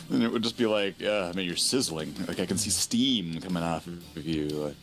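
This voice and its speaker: Low-voiced joking guest streamer. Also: male voice, fairly bright tone. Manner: playful storyteller, quick to tease. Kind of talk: casual live-stream chat.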